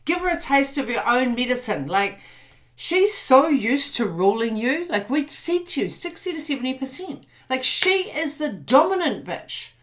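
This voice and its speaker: A woman's voice: high-pitched, sing-song, normal speed, a bit bright. A woman co-hosting a podcast in casual chat. She is blunt and swears freely. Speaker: podcast co-host.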